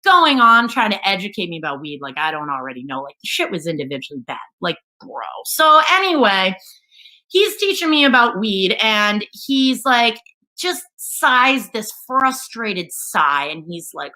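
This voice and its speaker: Animated, bright-voiced woman storyteller. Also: mid-range voice, normal speed, low-quality recording. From New York. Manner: casual, profane, acts out the people in the story. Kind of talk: live storytelling.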